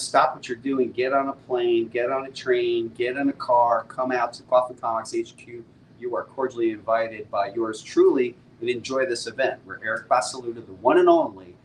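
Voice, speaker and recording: Laid-back, excitable middle-aged man. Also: medium pitch, slight background noise, poor audio. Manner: enthusiastic, laid-back, slangy. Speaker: comic book publisher hosting a live stream. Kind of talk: casual live-stream chat.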